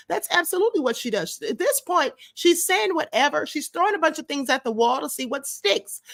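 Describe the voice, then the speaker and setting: Woman livestream host, high bright voice, blunt sarcastic commentary, dry close sound. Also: no echo. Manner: blunt and sarcastic, addresses viewers directly.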